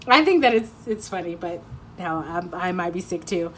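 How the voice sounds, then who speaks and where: A woman's voice: mid-range voice, normal speed, a little hiss or hum. Rambling, laughing woman tarot reader. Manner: rambling, animated, laughs often, teasing. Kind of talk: casual pick-a-card reading.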